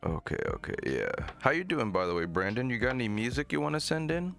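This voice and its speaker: A man's voice: medium pitch, sing-song, quick pace, fairly bright tone. A man hosting a live music-review stream, talking bluntly and profanely with mocking asides. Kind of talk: casual live-stream chat.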